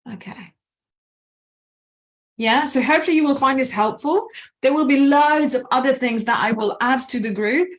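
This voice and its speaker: Animated woman anxiety coach. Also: high-pitched. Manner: animated, acts out inner voices, slows for breathing counts. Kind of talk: casual guided presentation.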